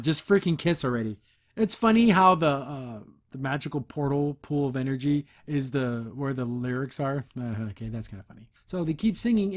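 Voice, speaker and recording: A male podcast host talks through a cartoon episode in a loose, casual recap. He keeps breaking off into mocking, disbelieving asides about what happens. His voice sits a little on the high side. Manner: mocking, incredulous asides with chuckles.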